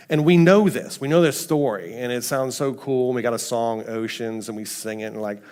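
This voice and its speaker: A man giving a casual, conversational testimony sermon in a church, slipping into quoted voices with sudden pitch jumps. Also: moderate pace, few pauses, a little mellow. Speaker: mission team member speaking at church. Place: church sanctuary.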